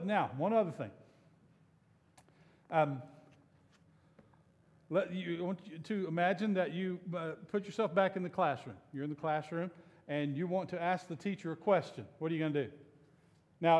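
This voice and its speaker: A man's voice: fairly high pitch, darkish tone, big-room sound. A male pastor giving a conversational, joking sermon that coaxes his congregation to join in. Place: church sanctuary.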